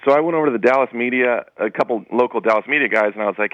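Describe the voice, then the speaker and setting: A sports writer, a man, telling a story in a casual, animated way as a guest on a radio interview. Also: medium pitch, very fast, hardly any pauses, smooth, no echo, phone-quality sound. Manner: casual, anecdotal, animated retelling.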